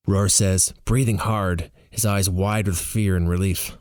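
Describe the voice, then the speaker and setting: A man narrating a novel in the first person with an animated, expressive reading. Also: low-pitched, measured pace, clear, resonant tone, no room sound, clean studio sound. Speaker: audiobook reader.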